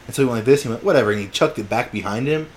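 A man's voice: medium pitch, racing, slight background noise. Laughing young man telling stories. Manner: animated storytelling with laughter and acted-out quotes. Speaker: podcast co-host. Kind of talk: casual chat.

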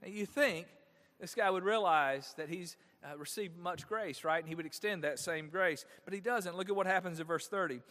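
A man in a slightly higher register preaches a Sunday sermon in a church sanctuary. His voice swings from loud, stressed phrases down to quiet endings. A long reverb trails each phrase. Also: fairly quick. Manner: animated preaching with wide swings in loudness. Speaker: pastor.

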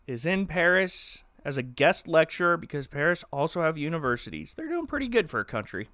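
A man co-hosting a casual comedy podcast, recapping a movie in an animated, joking way. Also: on the high side, brisk, few pauses, dry recording, studio quality. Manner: jokey, animated storytelling, puts on silly voices for characters.

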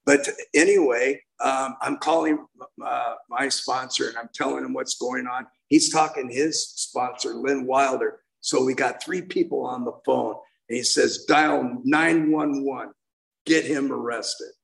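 Gravelly older man, heartfelt and rambling. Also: medium pitch, fairly even intonation, a little slow, rough recording. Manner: heartfelt, rambling, with many restarts. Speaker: main speaker at a recovery meeting. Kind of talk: personal recovery share.

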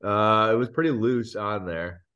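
A man with a very low, deep voice tells a rambling story in casual podcast chat. He pokes fun at himself and laughs along the way. The sound is dull and a little lo-fi. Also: unhurried, fairly bright tone. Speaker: podcast co-host.

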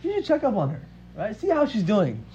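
A man's voice: high-pitched, wildly swooping pitch, brisk, warm tone, pitched above the performer's own voice. A man voicing a scheming male devil who coaxes someone into wrongdoing, talking in a casual, persuasive way, on a dull recording. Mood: coaxing. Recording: dull lo-fi audio with faint hiss.

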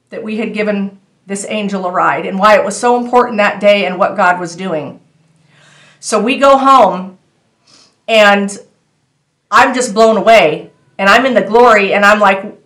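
A woman's voice: medium pitch, reverberant. Earnest woman sharing a faith testimony. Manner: earnest, animated storytelling that addresses viewers directly. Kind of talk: casual spoken testimony.

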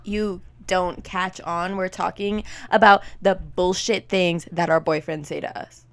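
A woman's voice: lowish voice, fairly even intonation, unhurried, clean tone, no echo. A young woman co-hosting a casual podcast chat, opinionated and full of fillers. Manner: chatty, opinionated, filler-heavy. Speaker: podcast co-host.

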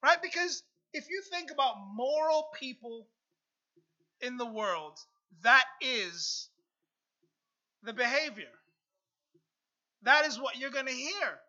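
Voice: high-pitched, animated, slow, long pauses, pushed and bright, dull audio. A pastor preaching a sermon and reading scripture, earnest, repeating phrases and asking "right?" often. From United States.

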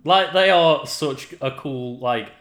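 A man's voice: on the high side, slow, fairly bright tone. Easygoing guy chiming in on a podcast, swears a bit, echoey room. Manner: laid-back, short reactions, occasional swearing. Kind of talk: casual chat. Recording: roomy echo.

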